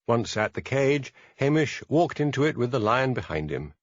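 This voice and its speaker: A man narrating a mystery audiobook in expressive scripted narration. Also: mid-range voice, moderate pace, dry recording, lo-fi sound. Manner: expressive storytelling.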